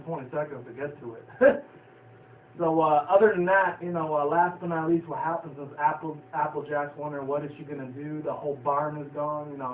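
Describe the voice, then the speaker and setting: Male vlogger, casual rambling recap, profane, chuckly; tinny phone-like audio with faint background hiss. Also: fairly high pitch. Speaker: vlogger reviewing a cartoon episode. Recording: tinny lo-fi, echoey, distant from the mic.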